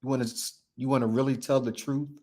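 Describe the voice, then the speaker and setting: A show host delivers an impassioned motivational talk in an emphatic, repetitive, preacher-like cadence, swinging between loud declarations and low, hushed passages. He speaks quickly with little pitch movement.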